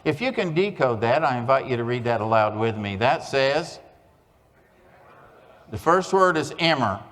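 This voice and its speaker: A man gives a humorous keynote at a conference, spinning small-town jokes with deadpan timing. His voice sits in a middle register. A long hall reverb trails every line from the stage mic. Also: mid-range voice, moderate pace. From Oklahoma. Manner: folksy joke-telling with deadpan punchlines. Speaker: conference speaker.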